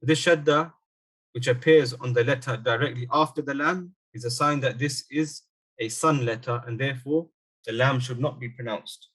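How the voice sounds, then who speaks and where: A man's voice: mid-range voice, fairly bright tone. Patient male Arabic teacher. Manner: patient, repeats example words slowly. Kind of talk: online language lesson.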